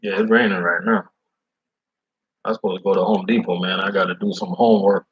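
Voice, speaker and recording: Slangy, animated delivery driver man. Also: low voice, a little fast, muffled recording. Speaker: food service delivery driver. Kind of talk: casual chat.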